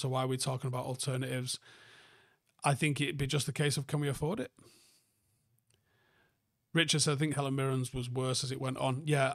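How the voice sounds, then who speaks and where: A man's voice: mid-range voice, no room sound, clean studio sound. A man hosting a casual live stream, reading out viewer comments and riffing on them in a rambling, sweary way with lots of ums and restarts. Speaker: army veteran.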